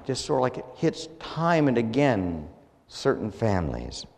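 A man preaching a sermon as pastor, measured and earnest, his phrases falling at the ends. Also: medium pitch, huge pitch swings, vocal fry, a little mellow, in a large hall.

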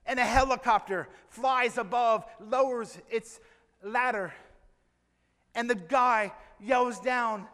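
A man preaching a sermon to a church congregation, telling a story with slow, emphatic phrases. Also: very high-pitched, pushed and bright, long reverb tail.

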